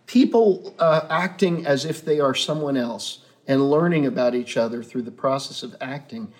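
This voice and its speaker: A man's voice: medium pitch, normal speed, a little mellow. A man as the guest in a casual unscripted interview, earnest and musing, speaking in pronouncements.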